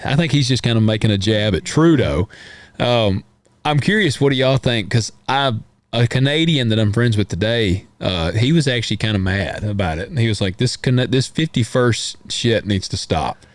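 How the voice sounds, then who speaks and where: An American man co-hosting a podcast, chatting casually about politics in a rambling, folksy, animated way. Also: medium pitch, moderate pace, dry recording. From United States. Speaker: podcast co-host.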